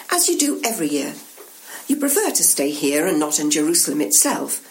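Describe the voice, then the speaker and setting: A woman giving a church reflection, telling a scene vividly in the second person for her listeners. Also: fairly low pitch. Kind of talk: imaginative sermon narration.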